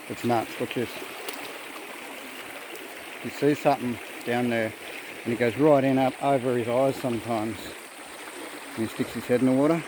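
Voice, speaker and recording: A man chatting casually into a phone camera outdoors by a creek, rambling and talking to his dogs. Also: mid-range voice. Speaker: vlogger. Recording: faint outdoor background noise. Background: faint outdoor nature sounds.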